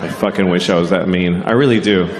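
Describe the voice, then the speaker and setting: A man's voice: deep voice, steady tone, a little fast, noisy background. A man doing a stand-up set, profane and mock-bitter, acting out the people in his stories. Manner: profane, mock-bitter, acts out quoted voices. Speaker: stand-up comedian. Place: comedy venue with audience. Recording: roomy live stage recording with crowd. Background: audience laughter.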